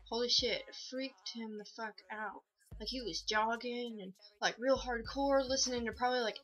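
A woman's voice: a little high, pushed and bright. A young woman talking casually in a rambling, goofy and profane show-and-tell vlog, full of fillers. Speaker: vlogger.

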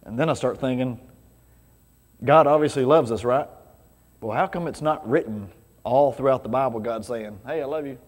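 A man's voice: medium pitch, moderate pace, pauses often. A man preaching a casual, conversational sermon full of rhetorical questions to his congregation. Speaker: pastor. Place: church sanctuary. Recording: reverberant church hall.

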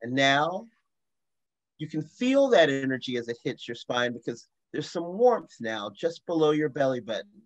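A man leading a slow, soothing guided grounding meditation as the facilitator of a video-call assembly. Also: mid-range voice, highs cut off. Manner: slow, soothing guidance with bursts of excitement.

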